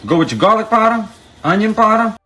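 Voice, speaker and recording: Man, folksy cooking-video narration, high voice, fast. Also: sing-song, pushed and bright. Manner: folksy, keeps calling out to viewers. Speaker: home cook.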